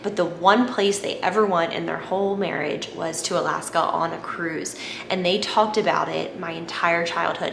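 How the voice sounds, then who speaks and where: A woman, chatting to camera in a gushing vlog, repeating herself when excited. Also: lowish voice, vocal fry. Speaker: vlogger. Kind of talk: casual chat to camera. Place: home at night. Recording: echoey room, faint background noise.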